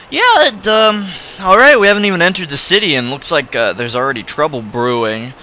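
A man's voice: a little high, animated, a little fast, hardly any pauses, bright, forceful tone, slight background noise. A man giving casual, rambling commentary while playing a video game, full of restarts and self-corrections. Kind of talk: let's play commentary.

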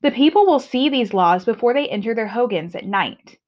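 A woman teacher voicing a patient, steady woman from a legend, reading her lines calmly aloud. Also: on the high side, normal speed, close to an everyday voice. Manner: calm storybook read-aloud. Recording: dull lo-fi recording.

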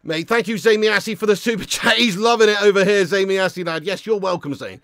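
High bright-voiced football fan. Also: male voice, brisk, no echo, studio quality. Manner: excitable, swearing, laughing fan. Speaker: football watch-along host. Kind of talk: live fan commentary.

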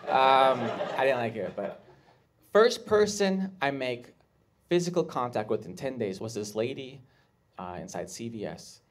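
A man performs stand-up to a laughing club crowd. His voice sits a little high, and his delivery is awkward and halting, full of restarts. He keeps leaping into shrill character voices for the people in his stories. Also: background noise. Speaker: stand-up comedian. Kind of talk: stand-up comedy set. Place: comedy club stage with live audience. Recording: clear live audience laughter.

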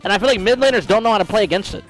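A man's voice: sits high, rapid-fire, over loud music, rough recording. Brash, swearing male game streamer. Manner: brash, profane, trash-talking. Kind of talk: casual gameplay commentary.

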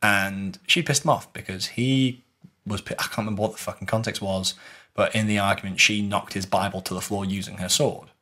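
A man co-hosting a podcast, telling an animated story in casual chat and acting out the voices of others. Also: lowish voice, brisk. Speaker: podcast co-host recounting a LARP.

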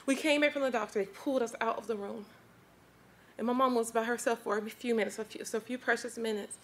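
A woman with a high voice gives an emotional testimony before a church congregation. She talks to them directly, earnest and heartfelt throughout. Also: fairly even intonation, fast. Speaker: church member giving testimony.

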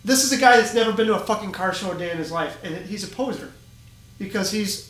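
A man's voice: high-pitched, fast talker, fairly bright tone, echoey room, poor audio. A man co-hosting a casual chat, heated and ranting, swearing often. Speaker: podcast co-host, group admin.

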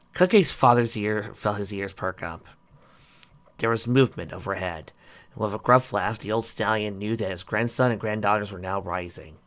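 A man reading a story aloud in a plain, slightly uneven way. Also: lowish voice. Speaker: reader.

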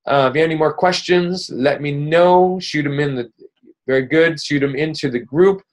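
A man whose voice is on the high side speaks at normal speed while hosting a weekly coaching call. His motivational talk is casual and upbeat but rambling, full of fillers and restarts.

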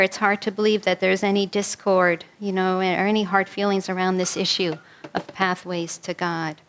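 A woman minister from New York City leading a guided prayer and telling stories in a sermon, slow and soothing in prayer, livelier in her stories. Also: medium pitch.

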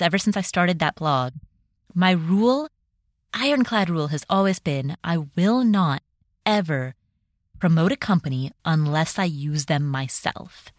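A woman hosts her own podcast, speaking alone in a candid, nervous way that speeds up and slips into self-mocking asides. Her voice sits a little low for a woman. The sound is dry and close, with no room echo. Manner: nervous, fast and self-deprecating. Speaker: podcast host. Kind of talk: personal solo podcast talk.

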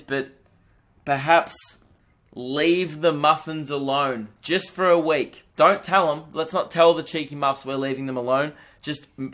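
A man's voice: a little high, fairly bright tone. A young Australian man hosting a solo comedy podcast, ranting with mock outrage and swearing.

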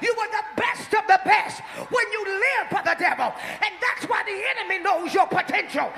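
A woman preacher giving a sermon, shouting and drawing out her phrases to urge the congregation to answer back. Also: very high-pitched, vocal fry. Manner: shouting call-and-response preaching, drawn-out emphatic phrases.

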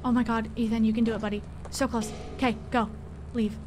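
A young woman with a high, bright-pitched voice calls out directions to her friends during a spooky co-op game. She is excitable and foul-mouthed, and cheers loudly when things go right. A faint hiss sits under her voice. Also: fast talker. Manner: excitable, swears freely, coaches teammates. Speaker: streamer playing a co-op horror game with friends. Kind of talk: live gameplay commentary.

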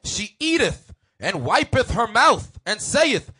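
A man reads scripture aloud in a slow, measured way during a service. His voice is high and husky, and it lifts expressively. The tone is bright and forceful. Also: big pitch swings. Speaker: scripture reader.

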